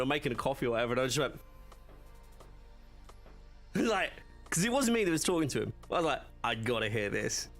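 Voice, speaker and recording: Male streamer, casual chat, mid pitch, lively ups and downs, faint music underneath. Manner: rambling storytelling, laughs often, many fillers. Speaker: livestream host. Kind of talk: casual chat reading live chat.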